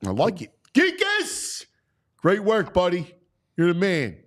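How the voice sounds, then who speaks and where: Excitable high-voiced male sports host. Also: moderate pace. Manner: excitable, loud, jokey banter. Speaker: show host. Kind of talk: casual sports talk show chat.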